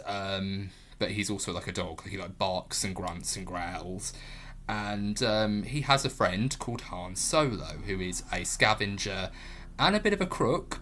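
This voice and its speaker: A man's voice: sits low, fairly bright tone. A man giving a casual, enthusiastic film review, rambling with lots of fillers.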